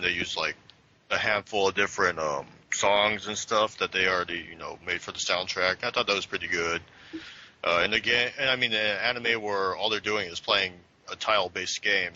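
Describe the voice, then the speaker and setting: A man's voice: low voice, bright, forceful tone. A man in a casual review chat, talking hesitantly with many fillers. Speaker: podcast co-host. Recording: dull lo-fi audio with faint noise.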